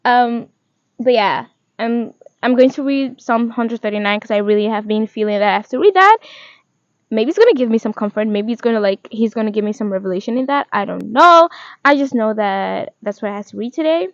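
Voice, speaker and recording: A woman's voice: fairly high pitch, a little fast, no room sound, lo-fi sound. Young woman rambling candidly in a vlog. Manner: candid and rambling, heavy use of "like". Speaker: vlogger. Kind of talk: casual confessional diary vlog.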